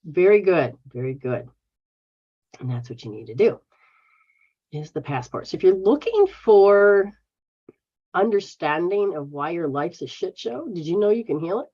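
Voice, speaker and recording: Blunt, casual American woman, low voice. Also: very animated, normal speed, dark tone, slightly rough. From United States. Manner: blunt, casual, swears freely. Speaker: spiritual healer hosting a live stream. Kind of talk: live-stream chat answering viewers. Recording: dull lo-fi stream audio.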